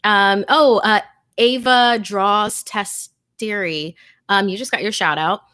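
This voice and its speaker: A woman reads a horror story on a livestream, her voice hushed and tense, slipping into whispers at the scariest moments. Between readings she turns chatty, laughing easily as she thanks viewers. Her pitch sits in a middle register. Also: slow. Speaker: livestream host and story narrator. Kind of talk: dramatic horror story reading, then casual livestream chat.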